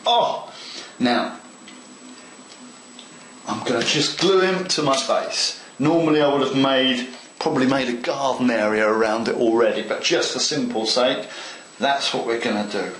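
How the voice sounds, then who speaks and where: In this model railway tutorial, a man chats enthusiastically with the viewer while demonstrating a hands-on craft. He speaks at a moderate pace in a fairly bright, mid-range voice. The poor audio carries an echoey room and a little hiss or hum.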